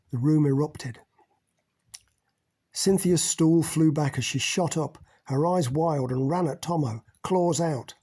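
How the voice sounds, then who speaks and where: A man narrates an audiobook in a measured storytelling manner, pausing for effect. His voice is husky and mellow, sitting a little high for a man. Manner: measured, plain storytelling with dramatic pauses. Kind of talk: scripted narration.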